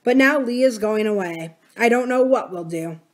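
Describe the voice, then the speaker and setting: A man's voice: sits high, animated, moderate pace. A woman voicing a shy, awkward rancher and father who speaks eagerly but self-consciously.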